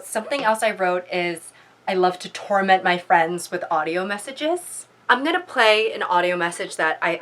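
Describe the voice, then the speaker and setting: A woman's voice: on the low side, a bit bright. A young adult woman vlogger rambling casually to her viewers, chatty with giggly asides.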